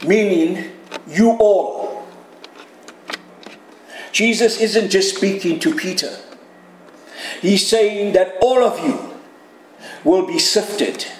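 A man's voice: high-pitched, darkish tone, slight background noise. A man preaching a sermon in an earnest, conversational way, asking his listeners direct questions. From Canada. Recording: echoey room.

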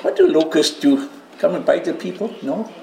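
Male preacher, high voice, unhurried delivery, bursts of loud emotion, echoey church hall. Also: creaky, slight background noise. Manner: animated, cries out quoted prayers loudly; jokes with the congregation and home viewers. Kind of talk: sermon. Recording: roomy hall with faint ambience.

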